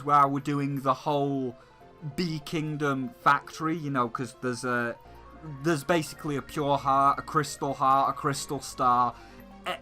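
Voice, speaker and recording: A man's voice: a little high, bright, forceful tone, low-quality recording. Ranting, cursing male gaming host. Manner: heated, swearing, repetitive ranting. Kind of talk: profane video game rant.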